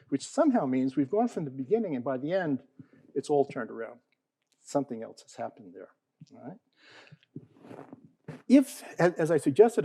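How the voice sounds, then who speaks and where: A man lecturing an audience on poetry, his pitch rising and falling with animation. His tone is warm and mellow, and the sound is dry and close. He keeps checking in with "okay?" and "all right?" and asks the room questions. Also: no room sound, poor audio. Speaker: panel speaker on poetry.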